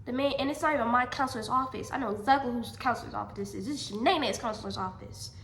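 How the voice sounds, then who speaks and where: A young adult woman telling a personal story in a storytime vlog, animated and emphatic, often repeating her lines. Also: a little high, fast. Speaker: vlogger. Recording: echoey room.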